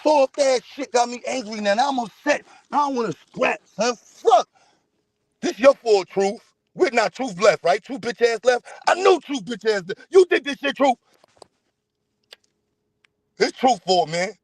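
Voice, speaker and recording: A young man hosting a livestream, ranting loudly and profanely and mocking the people he disagrees with. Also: extremely high pitch, animated, normal speed, dry recording. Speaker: livestream host. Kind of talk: heated livestream rant.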